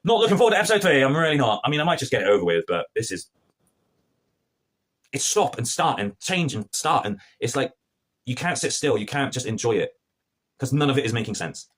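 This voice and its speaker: Male reviewer, sarcastic and animated, quick husky delivery. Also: mid-range voice. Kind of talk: casual review rant.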